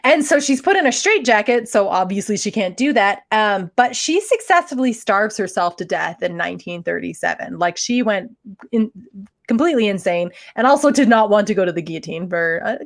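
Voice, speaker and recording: A woman's voice: medium pitch, animated, brisk. A woman co-hosting a podcast, telling a true-crime story in a casual, joking way and laughing often. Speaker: podcast co-host.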